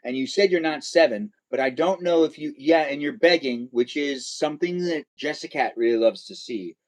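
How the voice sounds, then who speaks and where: A man's voice: fairly high pitch, moderate pace. A man hosting a live stream, chatting casually and teasing his guests and chat.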